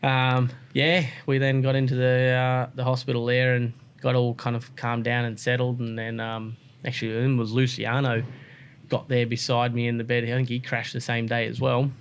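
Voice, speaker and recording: An Australian man, a podcast guest, telling stories in a relaxed, rambling way full of "like" and "um". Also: medium pitch, moderate pace, slight background noise. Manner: relaxed, rambling, many "like" and "um" fillers. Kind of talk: casual interview storytelling.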